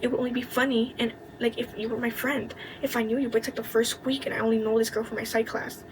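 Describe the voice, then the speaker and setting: A young woman telling a college story in a candid, indignant way, with plenty of swearing and quick asides. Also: on the high side, level tone, noisy background. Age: young adult. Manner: indignant, venting. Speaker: vlogger. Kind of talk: casual storytime chat.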